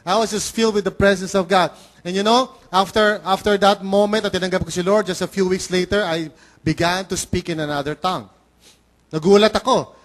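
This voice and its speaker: A middle-aged pastor with a Filipino accent and a notably high voice delivers a lively, conversational sermon. He slips into little acted voices when he quotes people, keeping the congregation engaged. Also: a little fast. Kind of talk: bilingual sermon.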